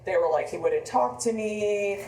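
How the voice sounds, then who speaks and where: A woman's voice: medium pitch, measured pace, creaky, mellow, a little hiss or hum. A woman in her fifties, an author, telling a personal story in a rambling, conversational way with frequent restarts. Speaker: author on book tour. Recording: echoey room, mic from a distance.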